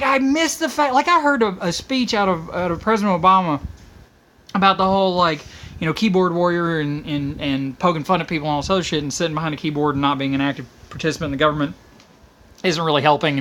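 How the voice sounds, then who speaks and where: Woman teacher vlogging a profane rant; exasperated, self-interrupting, leaps up in pitch mid-sentence. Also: fast. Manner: profane, exasperated, animated with sudden pitch jumps; self-interrupting, restarts often. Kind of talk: casual ranting monologue.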